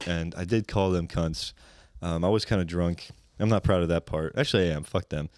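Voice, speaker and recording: Low-voiced man ranting profanely. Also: brisk, a little mellow, no echo. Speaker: guest comedian. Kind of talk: casual podcast chat.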